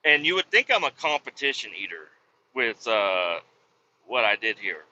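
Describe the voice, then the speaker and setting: A swearing, self-mocking Midwestern man rambles through a story from behind the wheel of his truck. His voice is sharply bright and sits at a middle pitch, and the recording sounds dull and lo-fi. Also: very animated, moderate pace. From Kansas City, USA. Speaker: truck driver vlogger. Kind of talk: casual storytelling monologue while driving. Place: in a truck cab while driving.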